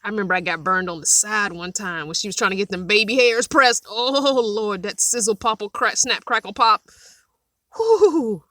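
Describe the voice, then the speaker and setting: Inside her van, a middle-aged vlogger hosts a live chat, speaking at a medium pitch, a little fast and with hardly any pauses. The recording is dry and clean, studio-like, as she tells animated stories between bursts of laughter.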